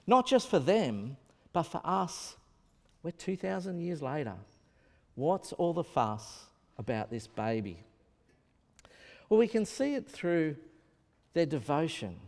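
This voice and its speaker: A man's voice: fairly high pitch, darkish tone. A man preaching a sermon in a conversational way, asking his listeners questions. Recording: echoey hall.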